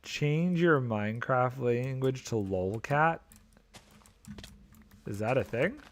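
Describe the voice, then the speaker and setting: A man's voice: mid-range voice, lively intonation, slow pace. A man streaming a video game, chatting casually and thinking aloud, mildly exasperated and joking as he plays, talking into a desk microphone. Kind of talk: casual gameplay commentary.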